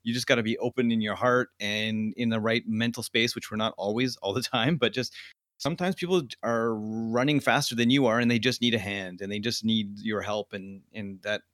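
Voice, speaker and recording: A man's voice: lowish voice, steady tone, moderate pace, fairly bright tone, no room sound, clean studio sound. A man hosting a podcast, speaking in a supportive, reflective casual chat. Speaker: podcast host.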